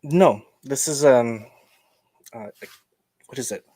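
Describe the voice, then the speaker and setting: A man's voice: medium pitch, slow pace, mellow, dry recording. Chatty male podcast host, dry sound. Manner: chatty and joking, greets viewers, many fillers. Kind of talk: casual livestream podcast chat.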